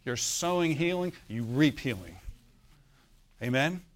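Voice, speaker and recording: A man's voice: medium pitch, sing-song, moderate pace. A male pastor preaching a sermon, telling a story and often asking the congregation for an amen, with a laugh now and then.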